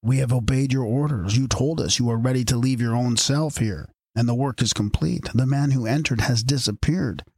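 A man's voice: medium pitch, moderate pace, hardly any pauses, a little mellow, slightly rough, dry recording. A man reading aloud as the solemn spokesman of a secret order, delivering formal pronouncements. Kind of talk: audiobook reading.

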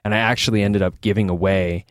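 A man's voice: fairly low pitch, fairly even intonation, fast, no echo, clean studio sound. A man interview guest telling personal stories candidly, in a loose, rambling way with many fillers and restarts. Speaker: guest, author. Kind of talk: candid conversational storytelling.

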